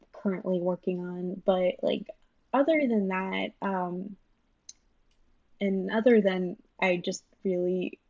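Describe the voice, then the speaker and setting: A woman's voice: on the low side, creaky, darkish tone, no room sound. Young woman guest rambling along, lots of likes and ums, laughs a lot, dull dry mic. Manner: rambling, laughs often, many fillers. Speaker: guest, animation writer and storyboard artist. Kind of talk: casual interview chat.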